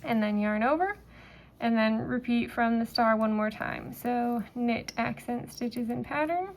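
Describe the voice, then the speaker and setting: Slow, relaxed woman teaching knitting. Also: fairly high pitch, a little hiss or hum. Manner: relaxed, talks while knitting, fillers and pauses. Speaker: knitting instructor. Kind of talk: step-by-step craft tutorial.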